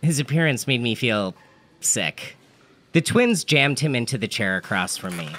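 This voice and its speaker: Man narrating deadpan, bright tone. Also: medium pitch, normal speed. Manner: dry, matter-of-fact delivery of absurd events. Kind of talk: deadpan comedic storytelling.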